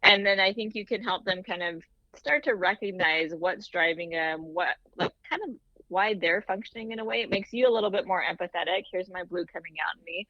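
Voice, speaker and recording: A woman's voice: on the low side, a little fast, no echo, lo-fi sound. A woman co-hosting a podcast in casual chat, talking thoughtfully with many "like" fillers. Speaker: podcast co-host.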